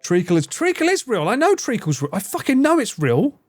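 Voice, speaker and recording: Animated, swearing English streamer. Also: male voice, extremely high pitch, fairly quick, faint music behind. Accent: English, Essex. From England. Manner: swears a lot, laughs often, animated and teasing. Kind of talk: casual live-stream chat with viewers.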